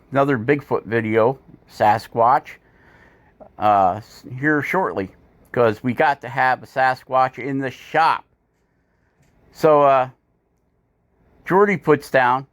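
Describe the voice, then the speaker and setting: A man hosting his woodcarving channel, talking casually in a rambling, self-mocking voiceover with many fillers. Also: medium pitch. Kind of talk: casual voiceover while carving. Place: home woodworking shop.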